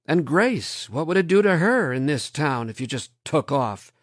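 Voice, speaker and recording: A man's voice: medium pitch, expressive, moderate pace, no room sound, clean studio sound, natural voice. A man voicing an anguished middle-aged department head, pleading with rising urgency.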